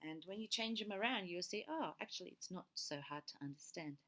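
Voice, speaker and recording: A woman's voice: lowish voice, lively intonation, fairly quick, fairly bright tone. Patient woman teacher explaining a lesson. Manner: patient, explains step by step, frequent "okay". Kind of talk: recorded classroom lesson.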